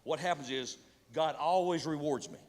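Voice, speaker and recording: A man's voice: a little high, normal speed. Man, middle-aged pastor, folksy storytelling sermon, restarts a lot, long church-hall reverb. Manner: folksy, repeats and restarts, mixes humor with preaching.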